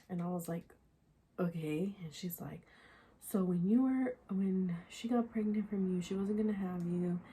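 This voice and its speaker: A woman's voice: lowish voice, moderate pace, mellow, a little hiss or hum. A young woman vlogger telling a personal story casually, rambling and candid with many fillers, sometimes dropping into a whisper. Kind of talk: casual storytime while getting ready.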